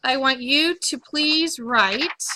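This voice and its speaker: A woman's voice: high-pitched, slow, sharp tone, no room sound. A woman teaching a phonics lesson on syllables and accents, patiently asking questions and repeating each word for her pupils.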